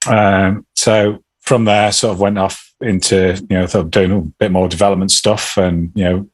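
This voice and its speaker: A man's voice: low voice, flat delivery, normal speed. A middle-aged man answering interview questions in a hesitant, rambling way with many restarts. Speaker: podcast guest.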